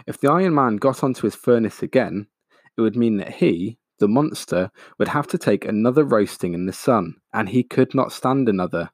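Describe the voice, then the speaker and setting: Man narrating a storybook, low voice, slow dramatic delivery, dry close recording. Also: a little mellow, dry recording. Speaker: audiobook narrator. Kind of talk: storybook reading.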